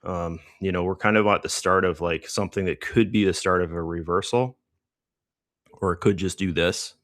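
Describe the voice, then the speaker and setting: A man with a low voice, a bit out of breath, chatting loosely through a live market session. His talk is rambling and full of fillers, and the sound is dry, with no room echo. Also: steady tone, normal speed, a bit bright. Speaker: trading livestream host. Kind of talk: casual live market commentary.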